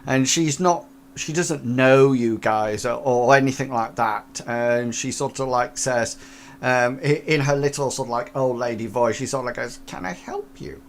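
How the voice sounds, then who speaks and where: A man's voice: medium pitch, slight background noise. A man running a tabletop role-playing game as game master, rambling with many fillers and restarts.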